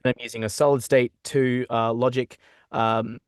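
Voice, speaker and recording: A man's voice: medium pitch, level tone, moderate pace, clear, resonant tone, no echo, clean studio sound. A young Australian man, a voice actor, talking casually in a podcast interview from a small foam-lined home booth, rambling with many fillers and restarts. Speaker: guest voice actor. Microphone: studio condenser mic.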